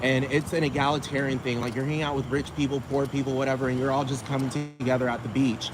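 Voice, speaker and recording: Profane rambling young man, loud traffic. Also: mid-range voice, little pitch movement, fast. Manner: profane, rambling, repeats himself. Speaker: vlogger. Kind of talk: rambling casual monologue. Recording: loud traffic noise outdoors.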